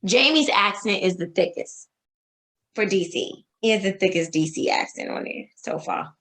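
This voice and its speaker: A woman's voice: mid-range voice, expressive, moderate pace, fairly bright tone, rough recording. A woman co-hosting a casual chat show, blunt and emphatic, repeating herself and swearing freely. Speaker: podcast co-host.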